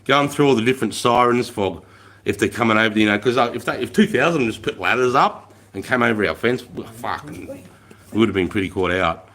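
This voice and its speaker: A man's voice: lowish voice, animated, fairly quick, a bit bright. A middle-aged Australian man telling war stories on a livestream, swearing often and laughing as he goes. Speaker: livestream host, army veteran. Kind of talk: casual storytelling on a livestream.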